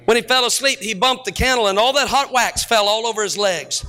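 A middle-aged man preaching as a pastor, telling stories to his congregation and rising to shouted peaks. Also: high-pitched, brisk. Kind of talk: sermon.

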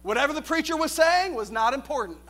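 High, bright-voiced preaching man. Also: quick pace. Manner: animated preaching, swinging from shouted questions to quiet storytelling with laughs. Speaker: youth pastor. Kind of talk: sermon.

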